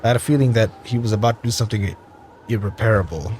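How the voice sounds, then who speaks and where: A man's voice: fairly low pitch, darkish tone, slight background noise. Man reading a game's story aloud. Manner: reads text aloud with quick asides to viewers. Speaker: gaming YouTuber.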